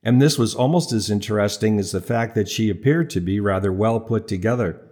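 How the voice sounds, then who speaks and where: A man's voice: fairly low pitch, brisk, a little mellow. A man narrating a comic story in a wry, dryly humorous manner. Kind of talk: audiobook narration.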